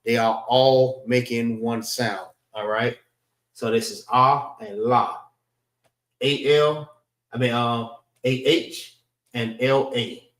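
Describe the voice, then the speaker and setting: Guy teaching class real slow, sounds out each letter, keeps saying all right, roomy echo. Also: medium pitch, fairly even intonation, fairly bright tone, recorded from a distance. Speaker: class instructor.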